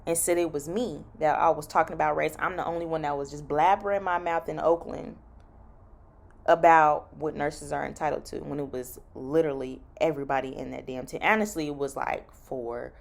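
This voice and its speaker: A woman's voice: sits low, creaky, darkish tone. A woman who works as a travel nurse, telling a story in an emphatic rant and repeating key lines for effect.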